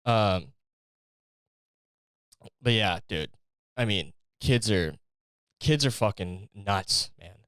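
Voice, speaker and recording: A man's voice: lowish voice, expressive, slow pace, pauses often, fairly bright tone, clean tone, no room sound, studio quality. A young man hosting a podcast alone, rambling in a profane, jokey monologue. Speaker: podcast host. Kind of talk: casual solo monologue.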